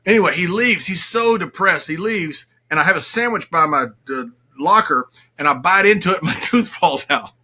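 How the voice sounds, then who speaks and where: Bright-voiced older man telling stories. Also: sits high, moderate pace, hardly any pauses. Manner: laughing, animated anecdotes with quoted voices. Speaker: guest. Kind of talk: casual storytelling chat.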